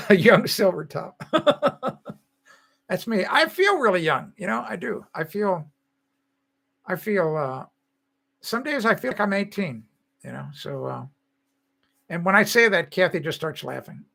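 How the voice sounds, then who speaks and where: A man's voice: sits high, expressive, measured pace, vocal fry, long pauses, bright, forceful tone. An older man hosting a live stream, chatting casually with viewers in a rambling way and laughing often.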